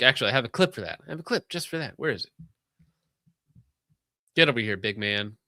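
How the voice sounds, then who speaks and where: Bright-voiced guy reading super chats, joking around, dry mic. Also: medium pitch, animated, no room sound. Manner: sarcastic, joking, quick asides. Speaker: streamer reading donations. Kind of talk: casual livestream chat.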